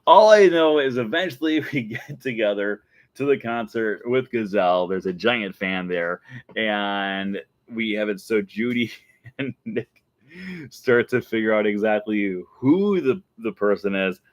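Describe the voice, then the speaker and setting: A man with a lowish voice chats excitedly in a casual vlog and keeps breaking into giggles. The sound is close and dry, with no room around him. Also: measured pace, dry recording. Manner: excited, animated storytelling. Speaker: show host.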